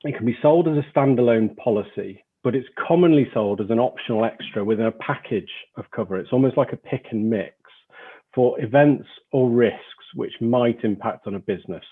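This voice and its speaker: A man with a Northern English accent presenting as an insurance lawyer in a webinar, measured and explanatory. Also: lowish voice, breathy edge, phone-quality sound.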